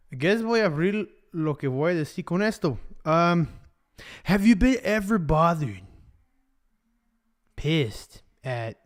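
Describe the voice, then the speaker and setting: A young man preaching casually on a livestream, switching between English and Spanish and joking along the way. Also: a little high. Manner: chatty, joking, loose with fillers.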